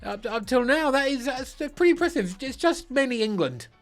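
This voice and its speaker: A man chats through a ranking of football kits in a loose, joking way, teasing himself as he goes. He trips over his words and starts over often, and his pitch swoops up and down. Music plays faintly behind him. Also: lively intonation, moderate pace. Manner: playful, giddy, self-mocking; restarts and stutters often. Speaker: football kit reviewer. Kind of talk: casual ranking commentary.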